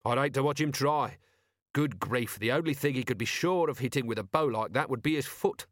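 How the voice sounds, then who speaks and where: A man's voice: mid-range voice, a little fast, no echo, natural voice. A man doing a weary middle-aged watch commander who talks in a dry, sardonic, level way. He sounds like he has seen it all. The recording is close and completely dry. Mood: wry. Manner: dry, sardonic, even-toned.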